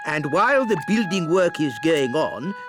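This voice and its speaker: An actor voicing a smug, self-important old male elf who talks slowly and lingers over his words. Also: fairly high pitch, sing-song, over music. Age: older. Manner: slow, self-important, drawn-out. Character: wise old male elf, smug know-it-all builder.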